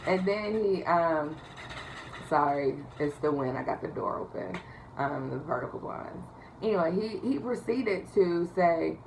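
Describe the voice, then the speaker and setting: Low-pitched female dispatcher, chatty storyteller, loose and conversational, lots of filler words. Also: animated, measured pace, gravelly, a little mellow, slight background noise, rough recording. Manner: chatty, frequent ums and likes, laughs at her story. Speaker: 911 call taker and dispatcher. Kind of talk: casual storytime vlog.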